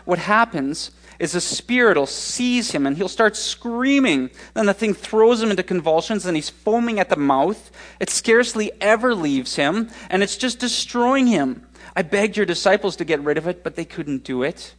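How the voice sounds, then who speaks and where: A frantic father begging for help for his only child, as a preacher reads him out. The voice climbs high and strains upward, pushing hard and loud on every plea. It is urgent, pleading and anxious. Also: lively intonation, moderate pace. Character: desperate pleading father of a sick son.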